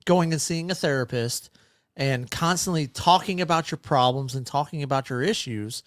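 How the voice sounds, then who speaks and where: A middle-aged man co-hosts a casual podcast over beers, telling rambling stories and constantly interrupting himself with restarts. His voice is a little high and moderately paced, captured in clean studio sound with no echo.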